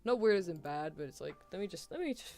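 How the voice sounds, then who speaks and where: A woman's voice: lowish voice, animated, fast, mellow, faint music behind. A young woman with a British accent, chatting casually on a live stream and rambling animatedly, laughing and apologizing often. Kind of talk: casual chat.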